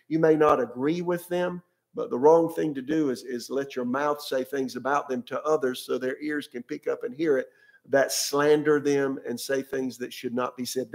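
A man's voice: mid-range voice, a little mellow. A male pastor preaching a sermon in a conversational way, often repeating words and asking his listeners questions.

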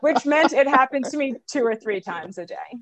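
A woman's voice: high voice, lively intonation, normal speed, a bit bright. A woman in her thirties from New York and New Jersey, a podcast guest telling friendly, wry stories. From New York City and rural New Jersey. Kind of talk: casual interview chat.

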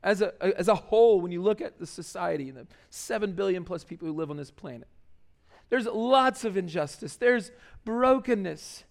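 A man's voice: high voice, expressive, moderate pace, vocal fry. A man preaching a sermon in a loose, conversational way, full of fillers and restarts. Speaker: pastor.

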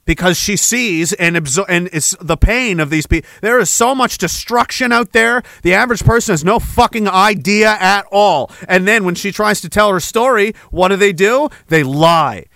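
A man hosting a podcast in a fiery, profane rant that is full of sarcasm. His voice is high and bright. It sounds dry and close to the mic. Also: normal speed, vocal fry, few pauses, no echo. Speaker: podcast host.

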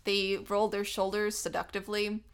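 A woman's voice: mid-range voice, normal speed, clean tone. A woman in a casual podcast chat, recapping a cartoon episode and acting out the characters' lines in little voices. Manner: animated, acts out quotes in little voices. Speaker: podcast co-host.

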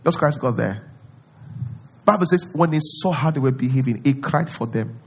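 A male pastor preaching a sermon, acting out prayers in a pleading voice and rising to loud declarations. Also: medium pitch, expressive, normal speed, husky.

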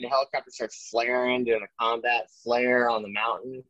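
A man's voice: medium pitch, moderate pace, dry recording. Man with a dull, dry lo-fi sound. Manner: animated, recounting with many fillers and restarts. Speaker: army veteran guest. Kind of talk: casual storytelling interview.

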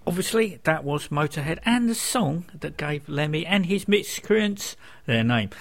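A man's voice: fairly high pitch, lively intonation, measured pace, vocal fry. A man hosting a radio music show, chatting between songs with dry, wry asides.

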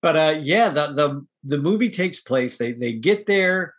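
A man chatting casually as a podcast co-host, animated, acting out lines from a film and laughing often. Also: a little high, measured pace. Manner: animated storyteller, acts out movie quotes, laughs often. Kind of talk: casual chat.

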